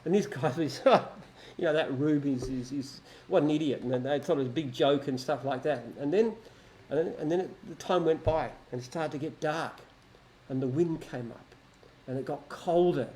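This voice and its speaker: A man's voice: on the high side, moderate pace, a little mellow, slight background noise, rough recording. A man chatting casually and telling a long joke, rambling with restarts. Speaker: company founder answering questions.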